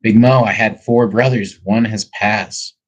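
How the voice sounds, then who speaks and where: A man's voice: fairly low pitch, fairly even intonation, unhurried. A man chatting casually on a livestream, talking candidly and rambling a little, with plenty of swearing. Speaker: livestreamer answering chat. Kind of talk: casual reflective livestream chat. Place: at home.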